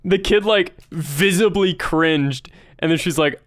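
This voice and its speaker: A man telling stories casually on a livestream, animated and profane, often laughing. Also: fairly high pitch, measured pace, dry recording, studio quality. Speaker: streamer.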